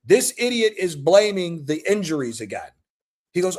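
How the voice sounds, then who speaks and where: A high-pitched man holds forth on a casual football chat stream. He rants with lots of swearing and slips into mocking impressions of the people he complains about. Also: moderate pace. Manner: profane, animated ranting with mocking impressions. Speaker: host.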